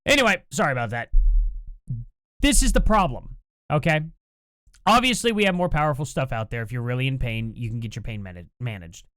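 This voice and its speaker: A host ranting in casual political commentary from a home setup, sarcastic and animated, with laughing asides, recorded on a computer mic without a compressor. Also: mid-range voice, fairly quick, long pauses, dry recording, clean studio sound.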